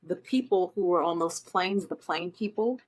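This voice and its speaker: Chatty woman from Nebraska, lowish voice. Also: normal speed. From Omaha, Nebraska, US. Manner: chatty storyteller, enthusiastic, frequent ums. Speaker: guest, Broadway performer. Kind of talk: casual interview chat.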